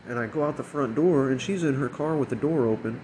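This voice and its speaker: A man who manages restaurant shifts talks fast through a casual, cursing rant about a bad work night, his middle-pitched voice a little mellow, mimicking people mockingly as he quotes them. An air conditioner hums faintly, there's slight background noise, and the recording is rough.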